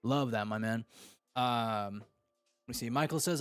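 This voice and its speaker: A man hosting a casual podcast and reading live chat, talking in a slangy, animated way. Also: medium pitch, slow, creaky, clean tone, dry recording. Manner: slangy and animated, fond of "dude" and "freaking".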